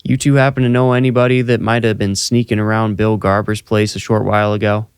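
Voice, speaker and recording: Small-town deputy, matter-of-fact questioning, low-voiced read by a male narrator. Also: level tone, a little fast, smooth, no echo, studio quality, close to an everyday voice.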